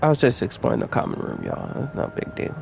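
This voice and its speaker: A young male gameplay streamer speaks fast in a mid-range, gravelly voice with a darkish tone, with slight background noise. He gives casual, playful commentary while playing a video game, chatting with his viewers.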